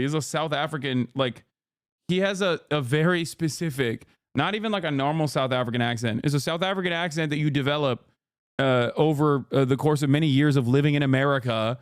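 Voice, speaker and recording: A man's voice: medium pitch, clean tone, no room sound, clean studio sound. A man hosting a live stream, reacting to clips in blunt, profane casual commentary. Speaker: streamer host.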